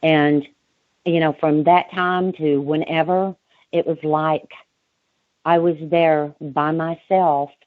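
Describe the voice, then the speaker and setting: A woman guest recounting a personal experience in an interview, halting and reflective. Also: deep voice, level tone, no room sound. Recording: tinny phone line.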